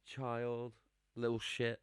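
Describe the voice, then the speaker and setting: A man's voice: medium pitch, monotone, takes it slowly, clear, resonant tone, no room sound. A man co-hosting a podcast, firing off short teasing quips. His voice is dry and close, with no room sound around it. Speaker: podcast co-host. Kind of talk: casual podcast banter.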